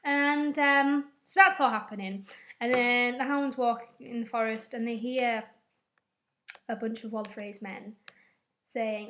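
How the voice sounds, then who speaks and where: A woman's voice: on the high side, steady tone, moderate pace, fairly bright tone. A woman vlogging a casual, rambling episode recap, chatty and emotional, with some swearing.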